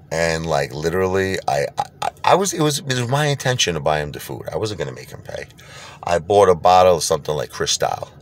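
A man ranting casually to camera in a blunt, rambling way, often repeating himself. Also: a bass voice. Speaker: vlogger.

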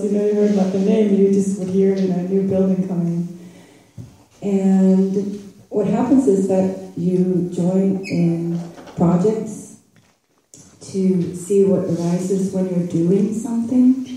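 A woman from a spiritual community sharing her story at a retreat in a relaxed, rambling way. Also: mid-range voice, slow pace. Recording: echoey room, voice from far off.

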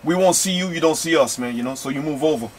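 In a casual radio interview, a rapper guest from London speaks with an American Southern accent, a slightly high voice, and a fast pace, with a little hiss or hum on the recording. His speech is relaxed and slangy, packed with fillers like "man" and "you know".

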